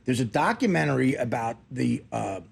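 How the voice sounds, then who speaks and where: Male radio host, gravelly and animated, sarcastic, jokey. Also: mid-range voice, moderate pace. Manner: sarcastic, joking, interrupting. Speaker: radio talk show host. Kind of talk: comedic sports talk.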